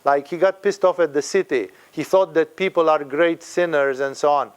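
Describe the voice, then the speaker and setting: A man's voice: a little high, normal speed, clear, resonant tone. A man giving a spiritual talk, emphatic and fond of acting out the people he quotes. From Romania. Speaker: spiritual teacher.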